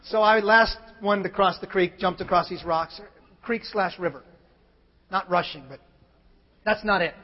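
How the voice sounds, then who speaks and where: High-voiced man preaching in a big hall. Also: unhurried, long pauses. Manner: animated, acts out other people's lines, builds to shouts. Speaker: pastor. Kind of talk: storytelling sermon. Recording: long hall reverb, dull lo-fi sound.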